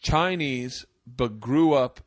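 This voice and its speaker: A man's voice: medium pitch, slow pace, dry recording, studio quality. A man in his forties hosting a podcast, telling profane stories in casual chat. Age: 40s. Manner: animated, profane storyteller. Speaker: podcast host.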